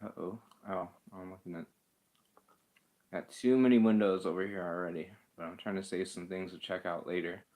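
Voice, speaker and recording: Man, low voice, streamer host, casual chat, rambling, self-deprecating, chuckling. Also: fairly even intonation, moderate pace, darkish tone. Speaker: livestream host. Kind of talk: casual chat reading live comments.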